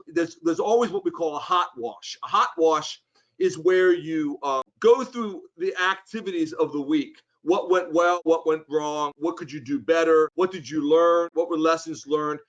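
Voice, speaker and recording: Lively high-voiced man telling a story. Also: lo-fi sound. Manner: animated, acts out quoted voices. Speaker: interview guest. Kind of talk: casual storytelling.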